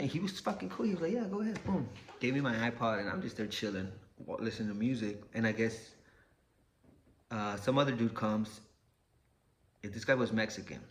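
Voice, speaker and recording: A man's voice: medium pitch, a bit bright. A man telling a personal story casually, cursing often and acting out what people said. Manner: profane, laid-back, acts out quotes.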